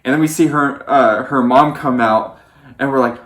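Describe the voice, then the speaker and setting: A young man telling a lively wedding storytime, jumping into higher voices whenever he quotes friends and family. His middle-pitched voice rings a little in an echoey room. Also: normal speed. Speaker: vlogger recounting wedding day. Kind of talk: casual storytime chat.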